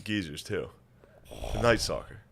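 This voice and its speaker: A man co-hosting a comedy podcast, chiming in with dry, quick jokes in casual banter. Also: vocal fry, a crowd in the background. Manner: dry quick quips with lively swings in pitch. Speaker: podcast co-host.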